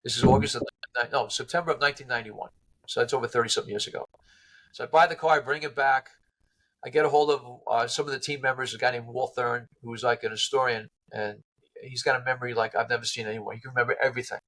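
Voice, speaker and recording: Animated man telling a story. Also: mid-range voice, fast talker, low-quality recording. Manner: lively, acts out quoted people in voices. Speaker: interview guest, car restorer.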